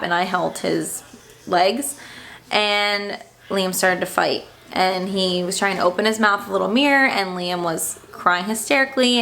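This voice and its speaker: Uma mãe jovem que narra num vlog casual uma ida difícil ao dentista, em tom indignado e aflito, com muitas hesitações. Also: female voice, mid-range voice, a bit bright. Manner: upset, indignant retelling with fillers. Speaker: stay-at-home mom vlogger.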